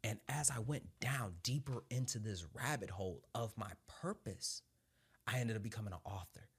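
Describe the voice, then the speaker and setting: A young adult Marine sergeant, appearing as a guest, tells his own story in casual conversation with a husky voice at normal speed. He swears freely and laughs through his anecdotes. When he turns reflective, he drops low and quiet.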